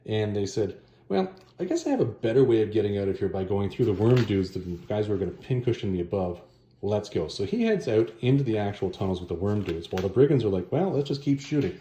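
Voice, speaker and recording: A man casually recapping a comic book plot, loosely paraphrasing the characters with quick offhand asides. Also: on the low side, animated, warm tone, echoey room, slight background noise.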